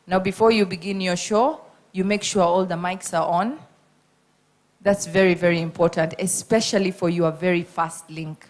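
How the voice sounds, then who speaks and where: A woman, a radio host judging a contest and giving spoken feedback to contestants. She talks in an animated, emphatic way, stressing and repeating her points. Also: on the low side, moderate pace.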